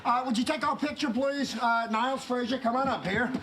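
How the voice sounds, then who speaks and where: A man's voice: extremely high pitch, fairly quick. An older actor playing a blunt, sarcastic retired policeman and father who orders his family around. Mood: wry. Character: gruff retired cop father, blunt and wisecracking. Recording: noisy television audio.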